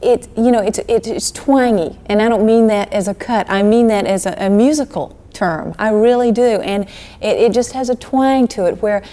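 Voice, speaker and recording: Woman, thirties, animated, chatty, frequent restarts, middle pitch, archival TV interview. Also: normal speed. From Georgia, US. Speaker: actress interviewed as guest. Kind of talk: casual interview chat.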